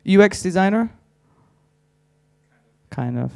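A man's voice: sits high, lively intonation, slow, vocal fry, a little mellow, clean tone, no echo. A man doing stand-up on a conference stage, teasing the audience with crude, chatty crowd work. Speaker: stand-up comedian.

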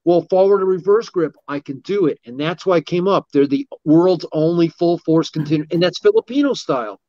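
A middle-aged man with a slightly raised pitch, spinning loose, animated stories as a guest instructor and slipping into the voices of the people in them. The sound is dull and lo-fi, close and dry with no room around it. His talk wanders from one tale to the next. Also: fairly quick, dry recording. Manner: rambling, animated anecdotes with acted-out quotes. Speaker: martial arts instructor guest. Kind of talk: casual storytelling interview.

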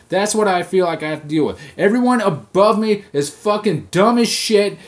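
A man who just turned thirty, hosting a solo rant podcast, swearing constantly and getting loud and heated as he vents. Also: sits high, lively intonation, moderate pace, few pauses. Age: 30s. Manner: profane, venting, gets loud and heated when angry. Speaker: podcast host.

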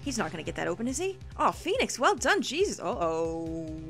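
A woman hosting a let's play, reacting with excited exclamations and frequent laughter while reading the game aloud. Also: mid-range voice, a little fast, creaky. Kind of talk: video game commentary. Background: faint game music.

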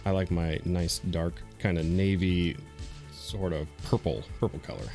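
A man calmly guiding viewers step by step through a software design tutorial, with easy fillers and small repeats. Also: deep voice, measured pace, creaky, soft background music. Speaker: streamer teaching a design tutorial. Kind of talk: screen-recorded software tutorial.

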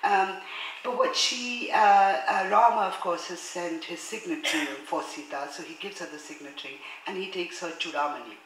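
A woman giving a public lecture, reading passages aloud in a measured, formal way and speaking hesitantly, with many fillers, between them. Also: on the low side, slight background noise. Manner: measured, formal read-aloud delivery of translated text. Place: lecture hall. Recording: roomy hall echo, faint ambience.

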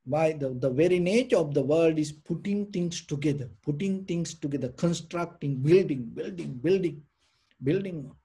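Soft, husky-voiced man teaching meditation. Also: a little high, moderate pace. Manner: rambling, many restarts and "you know" fillers. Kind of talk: informal dharma talk.

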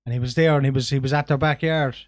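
A man's voice: mid-range voice, fairly even intonation, fast talker, dry recording, studio quality. An Irish man co-hosting a podcast in casual chat, telling stories with animation and swearing freely. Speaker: podcast co-host.

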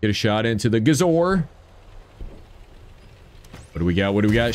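A man's voice: on the low side, sing-song, fairly quick, long pauses. A man giving upbeat gameplay commentary and cheering on his own shots. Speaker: gaming video creator.

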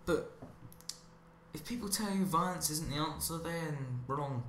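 A man's voice: a little high, a little slow, a bit bright, slight background noise. A man giving a rambling, sarcastic monologue as commentary over gameplay, drifting onto tangents. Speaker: commentary channel host. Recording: roomy echo with faint ambience.

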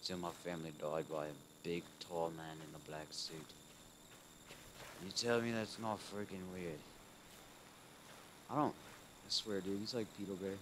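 A man hosting a gaming video, commenting casually as he plays, calling out "dude" often and swinging between muttering and loud frustrated outbursts. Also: sits low, steady tone, unhurried, pauses often, noisy background. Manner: casual, keeps saying "dude". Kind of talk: let's play commentary.

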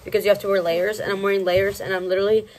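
A woman's voice: medium pitch, level tone, rapid-fire, darkish tone. A young woman talks into a handheld camera outdoors on a cold day, shivering as she chats. She keeps up a stream of dramatic, self-mocking complaints. Faint traffic hums in the background. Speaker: travel vlogger. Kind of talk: casual vlog chat.

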